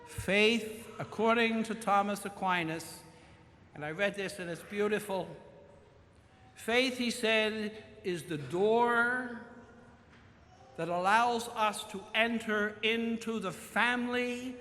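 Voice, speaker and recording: A male pastor preaching a sermon in a large church, slow and emphatic, stretching out key words. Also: sits high, pushed and bright. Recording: long church reverb, faint room noise.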